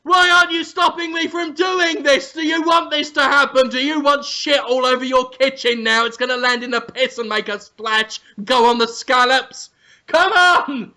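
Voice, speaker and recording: A man doing an impression of a furious, crude celebrity chef who yells and rants. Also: high-pitched, measured pace. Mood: yelling. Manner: yelling, crude, outraged. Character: furious ranting male celebrity chef, middle-aged.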